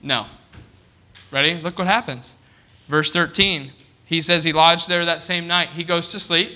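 Middle-aged preacher, man, lively sermon delivery, very bright tone. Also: a little high, measured pace. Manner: animated preaching with frequent "all right?" check-ins. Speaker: pastor.

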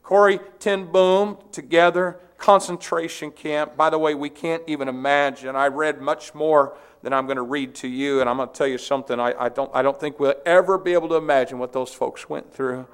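A man's voice: a little high, fairly even intonation, a little fast, hardly any pauses, smooth. A man preacher reading a memoir aloud to his congregation in an earnest, dramatic way.

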